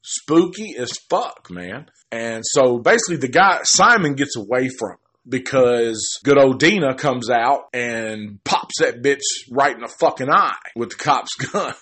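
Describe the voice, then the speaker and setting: Male film reviewer, casual and profane, loose rambling delivery with a middle-pitched voice, and he jumps into characters' dialogue on the fly. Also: expressive, bright, forceful tone, slightly rough. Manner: rambling, swears heavily, restarts often; acts out characters' lines in quick quoted asides.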